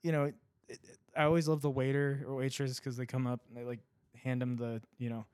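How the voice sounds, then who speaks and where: A man's voice: medium pitch, flat delivery, a little fast, darkish tone, smooth, dry recording. A man co-hosting a podcast in casual chat, joking around and laughing often. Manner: joking, laughs often, does mock impressions. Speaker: podcast co-host.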